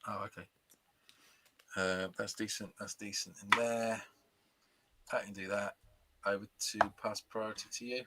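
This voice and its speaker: Lower-voiced British man, joking banter. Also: flat delivery, a little slow, long pauses, background noise. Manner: jokey, banters and counts dice aloud. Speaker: game show co-host. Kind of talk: casual live game commentary.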